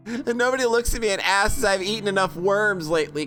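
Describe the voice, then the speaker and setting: A woman's voice: medium pitch, expressive, fast, a bit bright, faint music behind. A woman playing through a game and reading its story aloud, giggling and swearing, with crow caws thrown in. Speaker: let's play host.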